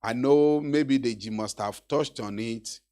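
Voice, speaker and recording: A middle-aged Nigerian man with a Yoruba accent gives an encouraging graduation speech, exhorting the audience and weaving in stories and asides to them. His voice is medium-pitched, mellow, and unhurried.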